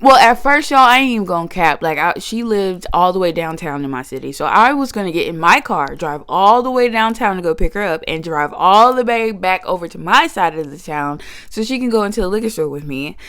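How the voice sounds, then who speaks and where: A young woman telling a storytime vlog, animated and slangy, talking straight to her viewers. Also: on the low side, brisk, hardly any pauses, smooth, dry recording. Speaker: vlogger.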